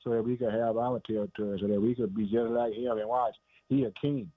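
A man's voice: medium pitch, fairly even intonation, brisk, dry recording. Emphatic preaching man on a phone-like line. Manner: repetitive, emphatic, calls listeners "man" and "boy". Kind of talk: sermon. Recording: dry, phone-like narrow sound.

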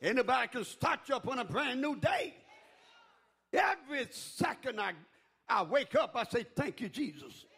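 Hollering preacher with a gravelly high voice. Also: male voice, big pitch swings, moderate pace. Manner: shouting, whooping preaching with call-and-response. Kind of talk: sermon.

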